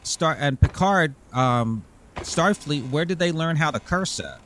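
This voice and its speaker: A man's voice: on the high side, expressive, unhurried, a bit bright, a little hiss or hum. A man streaming a game as a VTuber, talking in a rambling, casual way and swearing freely. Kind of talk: casual gaming livestream chat.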